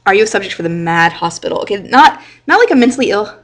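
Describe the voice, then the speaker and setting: A woman teaches a high school literature class, stopping her reading to explain it in plain words. She talks in a loose, chatty way with lots of "like" and "right?" Her voice is middle-pitched. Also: expressive, fast talker, fairly bright tone. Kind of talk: literature lecture with reading aloud.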